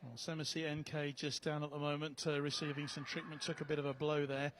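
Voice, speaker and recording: A man doing live play-by-play commentary, measured as he reads out viewer messages and rising on big plays. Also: fairly high pitch, flat delivery, fairly bright tone, a little hiss or hum. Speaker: lead commentator.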